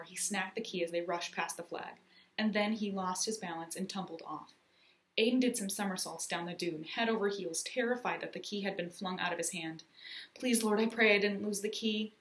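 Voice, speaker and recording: A woman reading a children's story aloud with expressive, lively storytelling. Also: on the low side, echoey room. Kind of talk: storybook narration.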